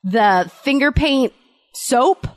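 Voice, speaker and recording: A woman's voice: sits high, slow pace, no room sound. A young woman co-hosting a casual podcast chat, telling parenting stories and acting out what people said. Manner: animated, acts out quotes in character voices. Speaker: podcast co-host.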